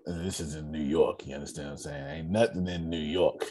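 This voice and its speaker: A man hosting a casual personal finance class on a video call, slangy and animated, talking straight to his group. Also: a bass voice, brisk.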